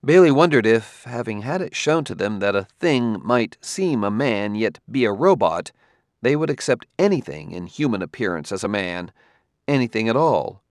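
Low-voiced man narrating a story. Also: expressive, normal speed, dry recording, clean studio sound. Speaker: audiobook narrator. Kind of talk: scripted narration.

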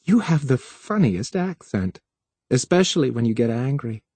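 A man's voice: mid-range voice, very animated, moderate pace, a little mellow, slightly rough, no room sound. A man reading aloud voices a young, helpless-sounding woman with a slight lisp and a breathless, anxious way of asking questions. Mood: amused.

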